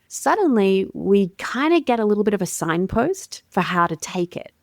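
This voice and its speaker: A woman with an Australian accent, a communications coach, appears as a guest on a conversational podcast. Her mid-range voice is very animated, at a moderate pace with few pauses, and she's articulate, warm, and explanatory, using everyday fillers. The recording is studio quality, with no room sound.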